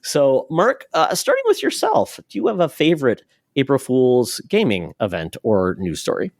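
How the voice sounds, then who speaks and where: A man's voice: medium pitch, wildly swooping pitch, normal speed, vocal fry, dry recording, studio quality. A man co-hosting a gaming podcast, chatting casually and reading a sponsor spot. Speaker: podcast co-host.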